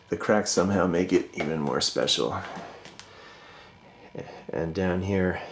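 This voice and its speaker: Low-voiced man giving a home tour. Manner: warm, fond, many fillers, trails off softly at ends of thoughts. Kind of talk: casual home tour narration. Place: inside his house, moving through rooms.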